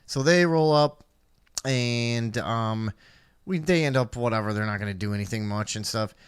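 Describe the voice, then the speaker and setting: A man's voice: mid-range voice, normal speed, clean tone, dry recording, studio quality. Laid-back man telling a rambling story. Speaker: podcast co-host. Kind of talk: casual storytelling on a live stream.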